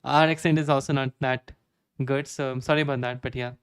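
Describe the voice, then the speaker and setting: A young man with an Indian accent streaming live code, reading documentation aloud and thinking out loud with many "okay"s. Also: mid-range voice, steady tone, fairly quick, clear, resonant tone, no echo. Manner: reads docs aloud, frequent "okay" fillers.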